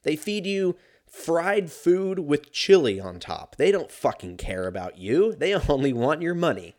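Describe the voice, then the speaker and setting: A man's voice: fairly high pitch, very animated, a little slow, a little mellow. A man telling a story in a casual, profane, rambling and sarcastic rant.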